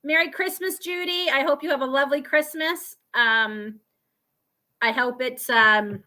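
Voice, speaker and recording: Woman host, casual live-stream chat, high and bright, laughs often. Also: a little slow. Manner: chatty, laughs often, filler-heavy. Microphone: video call.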